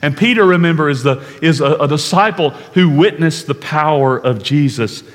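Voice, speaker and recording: A man preaching a sermon in an earnest way, slowing down to stress key words and dropping to a hush at times. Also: a little high, animated, in a large hall. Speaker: pastor.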